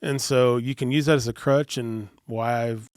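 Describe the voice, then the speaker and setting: A man's voice: medium pitch, steady tone, normal speed, clear, resonant tone, no room sound, studio quality. A man, a podcast guest, earnestly telling a personal story in a casual interview, often restarting and repeating words. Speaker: podcast guest, youth minister.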